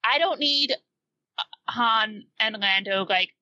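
A woman's voice: fairly high pitch, slow, sharp tone, no echo, poor audio. A woman guest on a podcast, chatting casually in a blunt, enthusiastic way. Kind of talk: casual chat.

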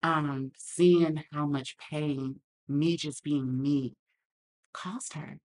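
A woman's voice: sits low, steady tone, extremely slow, darkish tone. A woman talking candidly as a podcast guest, earnest and reflective, acting out the lines of others in her story.

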